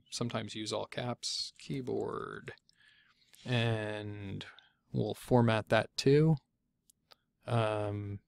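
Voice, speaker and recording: A man giving a casual software tutorial, chatty and thinking aloud as he clicks through, often stopping to correct himself. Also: medium pitch, gravelly, dry recording. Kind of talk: casual screencast walkthrough.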